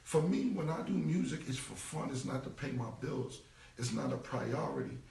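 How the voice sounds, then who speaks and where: Animated and gravelly, his mid-range voice has a darkish tone at a moderate pace, as a man in his forties rants on a phone livestream as a rapper responding. He swears, is emphatic, and keeps repeating points. The phone is held away, so he's distant, with roomy echo and a little hiss or hum.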